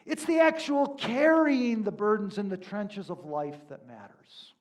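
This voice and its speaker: Preacher with a high voice, conversational and emphatic. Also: male voice, animated, measured pace. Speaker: pastor. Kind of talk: sermon.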